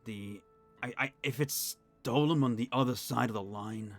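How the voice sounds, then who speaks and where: A man's voice: mid-range voice, normal speed, soft background music. A man running a tabletop game as game master, narrating casually and with animation.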